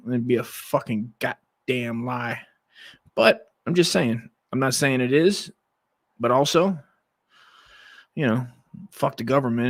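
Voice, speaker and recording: A man's voice: mid-range voice, a bit bright, no room sound. Male comic host: crude, restless, rambling rant; dry, close sound. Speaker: comedian host. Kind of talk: profane comic rant reacting to clips.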